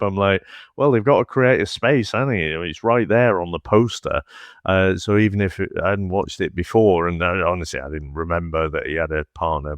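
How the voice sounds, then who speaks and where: Very deep-voiced man chuckling along. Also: dry recording, clean studio sound. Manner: relaxed, chuckling between thoughts. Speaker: podcast co-host. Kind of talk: casual film review chat.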